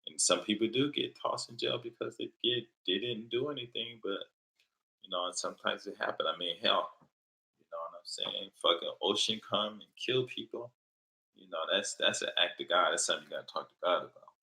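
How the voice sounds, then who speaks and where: A middle-aged man talks through a late-night livestream, blunt and profane, rambling and circling back with plenty of fillers. His voice sits very low, with a gravelly edge and a sharp, bright tone. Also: a little fast, rough recording. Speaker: livestream host answering viewer questions.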